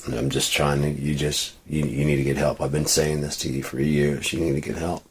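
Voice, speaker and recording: A man's voice: very deep voice, flat delivery, a little fast, slight background noise. A man venting in a rambling, profane monologue with many restarts. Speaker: vlogger.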